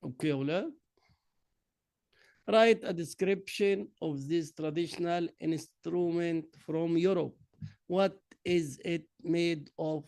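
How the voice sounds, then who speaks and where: High-voiced Egyptian teacher drilling slowly. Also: male voice, darkish tone, dry recording. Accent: Egyptian Arabic. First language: Arabic. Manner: slow, drilling answers word by word. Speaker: English teacher. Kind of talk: classroom lesson mixing Arabic and English.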